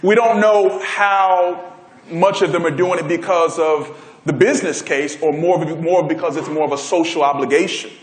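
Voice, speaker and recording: Telling a story with energy, a man delivers a motivational keynote in a conference hall and gets the crowd involved. He sounds a little high, talks at normal speed, and the room echoes.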